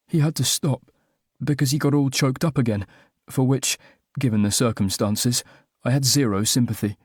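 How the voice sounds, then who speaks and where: A man's voice: medium pitch, steady tone, moderate pace, darkish tone, breathy edge, dry recording, clean studio sound. A man narrating a first-person romantic comedy audiobook with a wry, self-mocking comic delivery.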